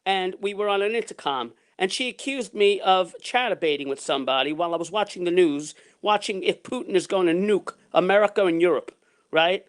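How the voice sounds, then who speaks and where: A man's voice: sits high, fairly quick. A man ranting heatedly in a vlog, repeating himself and swearing as he retells his arguments. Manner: long retellings of arguments in quotes. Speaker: vlogger. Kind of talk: angry ranting monologue.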